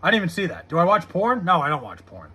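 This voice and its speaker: A man's voice: sits high, big pitch swings, fast, pushed and bright, slightly rough. A man live streaming, chatting casually, reading chat aloud and swearing in frustration over a baseball game. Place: home room with TV.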